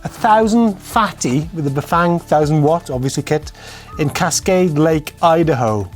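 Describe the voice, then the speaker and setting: A man's voice: a little high, animated, moderate pace, faint music behind. A man hosting a casual studio show, chatty and playful as he reads out viewer comments. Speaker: show host.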